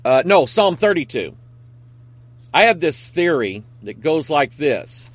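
Slow-talking, earnest man hosting a talk show. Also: a little high, sing-song. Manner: earnest, rambling, emphatic. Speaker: pastor and talk show host. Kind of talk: casual talk show monologue.

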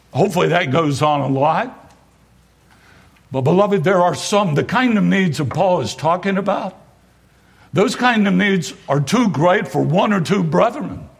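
Gravelly, animated male preacher. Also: on the high side. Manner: preaching with emphatic rising repetitions and asides. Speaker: pastor. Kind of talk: sermon.

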